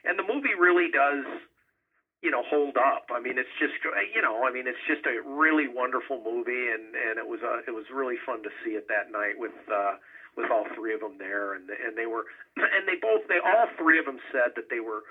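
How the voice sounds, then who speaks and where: A man chatting casually and rambling, halting with many fillers and restarts as he recounts an evening. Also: mid-range voice, slightly rough. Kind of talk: casual conversation. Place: lives in Southern California. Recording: tinny phone line.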